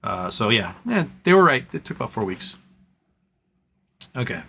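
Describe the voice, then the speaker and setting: A man hosting a casual live stream, rambling with lots of fillers and a tired, throat-clearing voice, in a room at home. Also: mid-range voice, very animated, moderate pace, sharp tone, a little hiss or hum. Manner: rambling, trails off, many fillers. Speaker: livestream host. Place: home room with a fan running.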